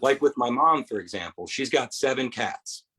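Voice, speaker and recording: A man's voice: mid-range voice, animated, normal speed, pushed and bright, breathy edge, rough recording. Guy doing a loose rambling standup set in a bar. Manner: rambling with quoted voices. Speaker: stand-up comedian. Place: bar stage.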